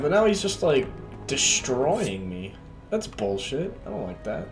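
Lively, swearing man narrating his gameplay. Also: mid-range voice, unhurried. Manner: frustrated, profane trash talk at the game. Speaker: gamer playing a video game. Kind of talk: casual gameplay commentary. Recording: game music under the voice. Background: game music and keyboard typing.

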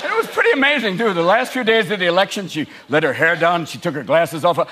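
A man doing a stand-up comedy set in a large theater, talking in an animated way and leaping into shouted impressions. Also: sits high, quick pace. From United States. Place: large theater with a laughing audience. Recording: live show with loud crowd noise.

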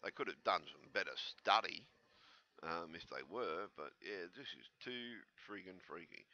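A man without his teeth in, slightly slurred, rambling in an agitated, excitable casual vlog commentary on a dull lo-fi recording. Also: low-pitched, creaky. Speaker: vlogger.

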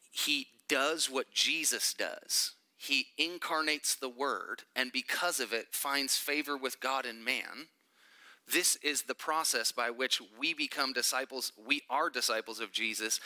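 A man preaching a sermon as a pastor, animated and emphatic, with joking asides to the congregation. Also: medium pitch.

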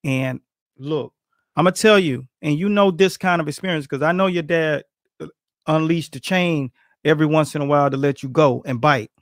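A man's voice: a little high, moderate pace, no echo, studio quality. A middle-aged man, a boxing coach, tells stories in a casual interview, acting out quotes and laughing often.

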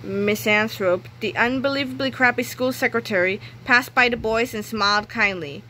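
A woman reading a children's book aloud in a clear storytelling manner. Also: on the high side, normal speed, bright, forceful tone, a little hiss or hum, rough recording. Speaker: reader.

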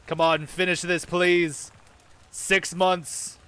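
Bright-voiced man narrating a strategy game. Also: sits high, little pitch movement, takes it slowly, clear, resonant tone. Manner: casual, chatty, mutters reactions to the game. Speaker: gaming channel host. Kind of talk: let's-play commentary, reading in-game events aloud.

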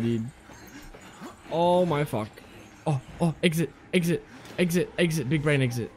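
A man commentating a horror game, jumpy and heavy on swearing, shouting back at the enemies on screen and pleading with his teammate. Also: fairly high pitch, lively intonation, unhurried, slight background noise. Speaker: gaming commentator.

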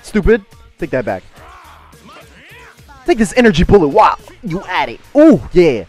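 A young man giving excitable gameplay commentary and trash-talking his opponent. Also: high voice, measured pace, soft background music. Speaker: gaming YouTuber.

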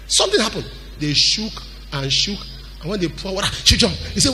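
Delivering a sermon at normal speed, this pastor uses a high, bright, forceful voice that rises and falls dramatically. Faint, soft music sits behind him as he erupts into shouts and drifts into a sing-song rhythm.

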